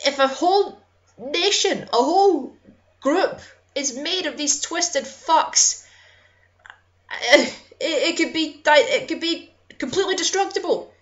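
Young woman, high-pitched, fiery and sweary vlog rant, muffled lo-fi sound. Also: a bit bright. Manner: impassioned, swearing, apologizing for getting angry. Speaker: YouTuber.

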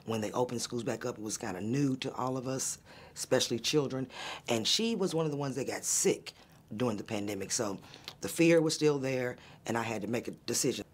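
A man's voice: medium pitch, lively intonation, a little fast, slightly rough. A man speaking in a testimonial interview as a parent, heartfelt and emotional, reflective with occasional fillers. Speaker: program client and parent.

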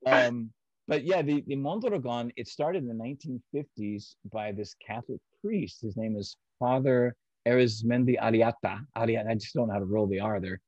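A man's voice: mid-range voice, moderate pace, darkish tone, no room sound. A man speaking as an interview guest, explaining ideas patiently and step by step in a conversational way. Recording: dry, slightly dull audio.

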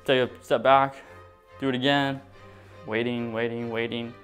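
A young man tells a storytime vlog with animated, dramatic delivery, swinging from excited bursts to hushed moments. His voice sits at an average pitch. Soft guitar music plays faintly underneath. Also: measured pace, clear, resonant tone. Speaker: vlogger.

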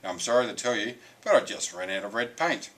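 A man's voice: fairly low pitch, animated, fast talker, fairly bright tone. A man voicing a fussy, apologetic storybook illustrator who talks from nowhere.

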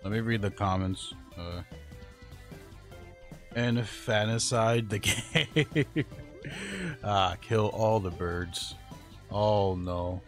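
Young male streamer, unhurried slangy game commentary, mid-pitched, faint game music underneath. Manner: slangy and profane, laughs often, reacts loudly to in-game deaths. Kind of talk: casual gaming livestream commentary.

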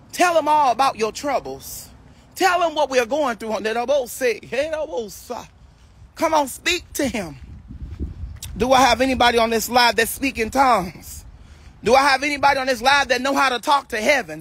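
A woman preacher on a live stream, praying in a slow chant and breaking into speaking in tongues. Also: high voice, fairly bright tone, husky. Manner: slow, chanting, repetitive prayer with bursts of tongues. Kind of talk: livestream prayer and speaking in tongues.

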